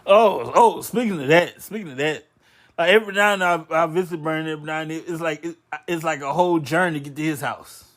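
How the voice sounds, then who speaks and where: Young male co-host, slightly high voice, stammering casual storyteller. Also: fast. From Louisiana. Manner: stammering restarts, relaxed, many listening noises.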